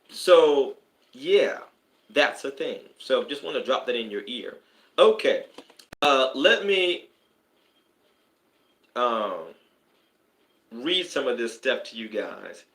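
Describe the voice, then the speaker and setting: A man's voice: mid-range voice, fairly bright tone. A man, a spiritual advisor, hosting a live stream in a casual, rambling way, with sudden preacher-like bursts of emphasis. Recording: echoey room.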